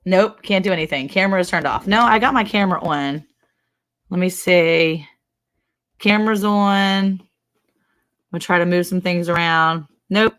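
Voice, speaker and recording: A woman's voice: on the low side, moderate pace, long pauses, fairly bright tone. Chatty woman hosting a ranch livestream. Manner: chatty, laughing often, greets viewers by name. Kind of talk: casual livestream chat.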